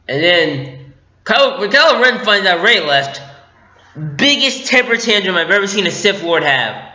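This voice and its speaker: A man riffs through a casual movie review, joking, giggling and playing out scenes. His voice is bright and slightly high. The audio is dull and lo-fi, with a roomy echo. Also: big pitch swings, normal speed. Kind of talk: casual spoiler review vlog.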